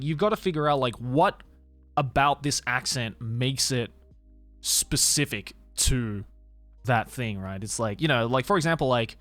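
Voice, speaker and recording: Aussie streamer guy rambling, lively up-and-down voice, dry close sound, faint music under. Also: mid-range voice, no room sound. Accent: Australian. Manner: rambling, full of fillers and restarts. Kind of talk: casual livestream chat.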